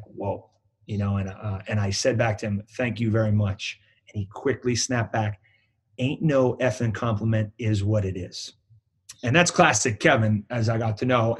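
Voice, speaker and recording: A man's voice: fairly low pitch, breathy edge. A man with a New England accent, a basketball program director, telling a long anecdote in a casual interview with many fillers and restarts.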